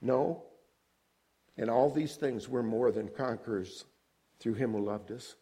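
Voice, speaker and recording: An older man delivers a sermon at an unhurried pace. He rises high and loud on key points, then sinks low and quiet, and keeps asking the congregation questions. His voice sits at a middling pitch for a man. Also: breathy edge. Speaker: preacher.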